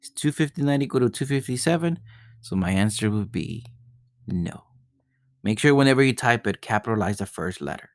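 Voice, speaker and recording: Here a male math teacher animatedly solves geometry problems step by step for a recorded lesson, going a little fast, repeating himself and frequently asking "right?". His voice is on the low side, and the recording is dry.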